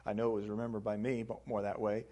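A man's voice: lowish voice, flat delivery, fast talker, mellow. A man preaching a sermon, reading aloud from a book and stressing phrases with rising emphasis. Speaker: pastor. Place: church sanctuary.

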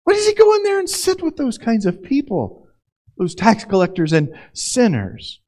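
A man's voice: very high voice, huge pitch swings, moderate pace, darkish tone, voice pushed up, heavily acted. A man voicing indignant religious men who question a disciple.

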